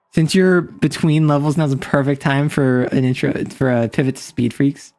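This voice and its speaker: A woman's voice: a bass voice, warm tone. A woman streamer chatting casually and playfully with her chat, laughing often. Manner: playful, giggly, teasing.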